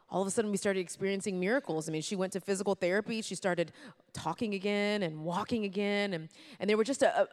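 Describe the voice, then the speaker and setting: A woman telling a personal story to an audience, lively and talking straight to her listeners. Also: fairly low pitch. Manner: lively, acts out quotes, addresses listeners directly.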